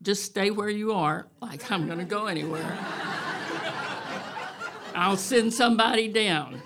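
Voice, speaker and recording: A woman's voice: medium pitch, a little slow, background noise, close to an everyday voice. A woman voicing a brusque, helpful male stranger in a told story. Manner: brusque, practical.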